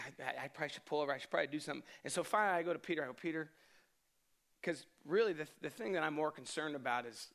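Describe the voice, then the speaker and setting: A man's voice: a little high, sharp tone. A young adult man preaching a sermon, praying and then telling a candid personal story with many restarts. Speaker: pastor.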